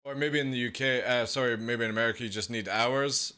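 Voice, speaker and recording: A man reacting casually on a live stream, excitable, swearing freely and laughing often. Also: medium pitch, fast, smooth.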